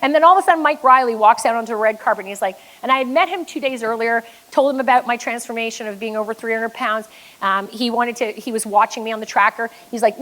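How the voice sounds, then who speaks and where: A woman's voice: a little high, fast talker, fairly bright tone, poor audio. A Canadian woman giving a motivational keynote as a business coach, emphatic and blunt, with some swearing. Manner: emphatic storyteller, blunt and profane.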